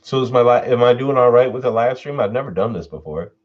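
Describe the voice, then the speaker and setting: A man hosting his own live stream Q&A, telling a personal story in a laid-back way, swearing freely and getting animated when he retells what people said. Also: medium pitch, fast, muffled recording. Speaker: channel host doing a live stream Q&A.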